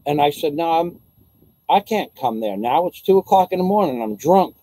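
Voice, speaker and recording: A man tells a long personal story to the camera, loose and profane, stumbling over restarts as he plays out every line of dialogue. His voice sits a bit high for a man, yet the tone is warm and mellow. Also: animated, normal speed, dry recording, poor audio. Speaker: vlogger. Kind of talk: casual storytelling.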